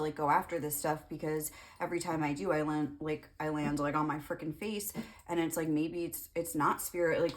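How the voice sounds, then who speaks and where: A young woman giving a casual tarot reading, rambling with lots of fillers and the odd swear word. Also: deep voice. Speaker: tarot reader.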